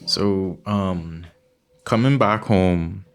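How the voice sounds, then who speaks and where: Deep-voiced hesitant male interviewer. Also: extremely slow. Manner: hesitant, rephrasing questions. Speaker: host. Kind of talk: interview questions.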